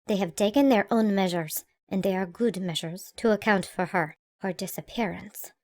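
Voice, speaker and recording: A woman voicing a pale, distressed middle-aged male mayor in an audiobook, speaking low and pleading. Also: normal speed, close to an everyday voice. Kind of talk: audiobook character voice.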